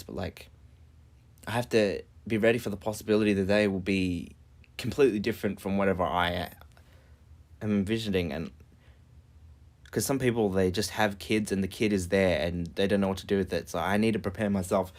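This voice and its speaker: A man with a lowish voice muses aloud in a loose live-stream monologue. He rambles and swears freely, and he is cold and shivering as he talks. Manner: rambling, profane musing aloud.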